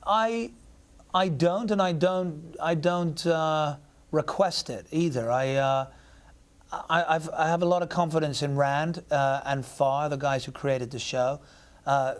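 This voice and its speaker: English actor, thoughtful and halting. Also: male voice, fairly high pitch, fairly even intonation. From England. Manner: thoughtful, searching for words. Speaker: actor guest. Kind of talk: reflective interview answers.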